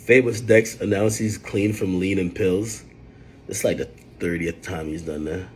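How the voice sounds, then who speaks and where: A man hosting a livestream, telling stories in animated casual chat, with a husky voice and sudden loud outbursts. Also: sits low, measured pace, a little hiss or hum. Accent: New York. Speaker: livestream host.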